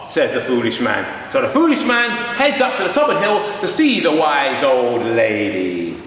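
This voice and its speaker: A man telling a children's story aloud, slow and expressive. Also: mid-range voice. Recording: roomy, echoey sound, mic far off.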